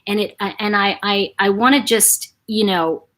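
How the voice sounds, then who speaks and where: A woman from Buffalo, New York hosting a livestream chat, animated and acting out quotes as she talks. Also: medium pitch, measured pace. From Buffalo, New York, USA. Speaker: channel host.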